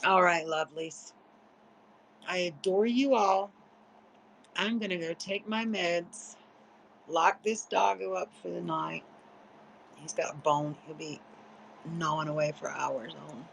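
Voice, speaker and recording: Tired, chatty woman with a gravelly edge, loose profane late-night stream talk. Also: lowish voice, steady tone, unhurried, pauses often, a little hiss or hum, rough recording. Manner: chatty, rambling, salty and profane. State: sleepy, yawning. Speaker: livestreamer. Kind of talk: casual late-night livestream chat.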